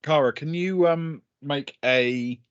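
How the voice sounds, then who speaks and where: A man narrating as game master of a tabletop game, pausing often with ums and uhs. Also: a little high, clean tone, dry recording, highs cut off. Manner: hesitant, many ums and uhs while narrating.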